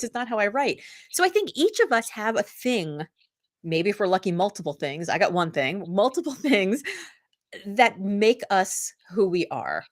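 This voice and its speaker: A middle-aged woman, appearing as an author guest in a casual interview, speaks at a medium pitch and moderate pace. She tells stories with animation, acting out other people's lines as she quotes them.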